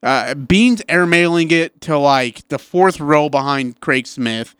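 A man co-hosting a sports radio show, talking excitedly in casual chat with many restarts and asides. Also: on the high side, takes it slowly, smooth, no room sound.

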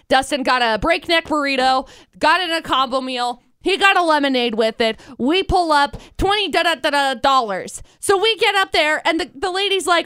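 Very high, bubbly woman telling a story. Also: animated, moderate pace, sharp tone, no room sound, clean studio sound. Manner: rambling, laughs often, acts out quoted people. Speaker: podcast co-host. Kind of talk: casual chat, storytelling.

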